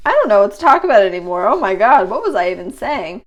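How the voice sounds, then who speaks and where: A woman's voice: fairly high pitch, big pitch swings, unhurried. Rambling, swearing young woman vlogger. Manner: swears a lot, rambling, laughs often. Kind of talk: casual late-night rambling vlog. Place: home kitchen at the sink, washing dishes.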